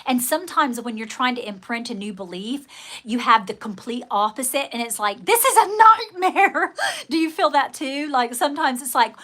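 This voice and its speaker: A woman talks to her livestream viewers in loose, rambling casual chat, her voice sitting a little on the high side. She keeps breaking into animated, dramatic outbursts as she acts out what people said. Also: a little fast. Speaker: livestream host.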